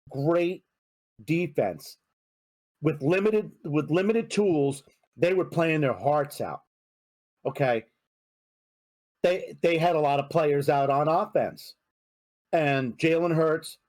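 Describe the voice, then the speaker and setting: A middle-aged man on a sports podcast, venting in a heated, foul-mouthed rant. His voice sits a little high for a man, and he swears as he talks. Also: a little mellow. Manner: heated, profane ranting. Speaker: podcast co-host. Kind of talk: casual sports podcast chat.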